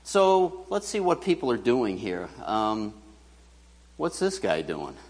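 A man's voice: mid-range voice, wildly swooping pitch, takes it slowly. A man preaching a sermon as pastor, chatty and joking, putting questions to the congregation. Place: church hall. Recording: church hall reverb.

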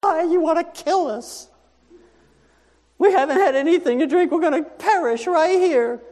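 A preacher putting on whiny, panicking wilderness wanderers. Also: male voice, normal speed, darkish tone. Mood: whining panic. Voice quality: high, strained complaining. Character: panicking, whining Israelite wanderers in the wilderness, a group. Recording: long reverb in a large hall.

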